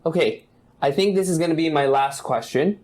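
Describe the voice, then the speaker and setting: A man's voice: fairly high pitch, brisk, darkish tone. A man hosting a business interview, asking questions in a friendly, upbeat way and wrapping up the show. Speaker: interview host.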